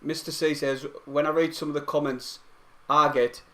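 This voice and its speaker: Young Mackem bloke, stream host, fairly high voice, slangy and chatty, breaks into excited match commentary. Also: male voice, normal speed. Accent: Mackem (Sunderland). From Sunderland, England. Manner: broad slangy talk, livens up into excited play-by-play. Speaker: fan live-stream host. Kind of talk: casual fan commentary and chat.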